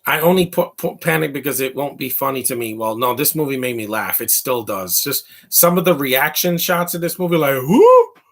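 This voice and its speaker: A man giving a casual live commentary over a comedy film, rambling through asides, laughing often and reacting loudly to what is on screen. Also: animated, fairly quick, few pauses. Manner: reacts loudly to the film, quoting lines in a high voice.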